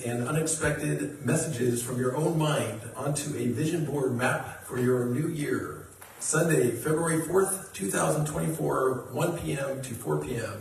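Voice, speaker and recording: A man reading church announcements at a measured, scripted pace. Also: a little high, a little hiss or hum. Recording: very echoey hall from far off.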